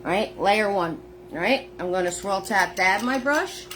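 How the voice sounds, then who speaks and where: A woman's voice: medium pitch, expressive, takes it slowly, fairly bright tone, slight background noise. A woman teaching a live painting lesson, narrating each step in a chatty way. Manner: chatty, step-by-step narration, greets viewers by name. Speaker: painting instructor. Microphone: phone.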